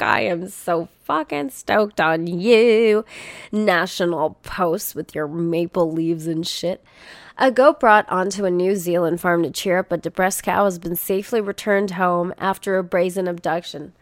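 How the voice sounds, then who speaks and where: A woman's voice: medium pitch, a little slow, no room sound, studio quality. A young woman hosting a casual podcast, reading news headlines aloud and riffing on them with blunt, profane commentary. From Canada. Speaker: podcast host.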